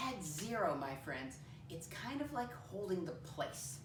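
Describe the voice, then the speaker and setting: A woman's voice: lowish voice, big pitch swings, noisy background. Sing-song woman teacher, echoey distant sound. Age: adult with a son. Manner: sing-song, slow letter-by-letter spelling to children. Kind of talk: first-grade math lesson. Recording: echoey room, voice off-mic.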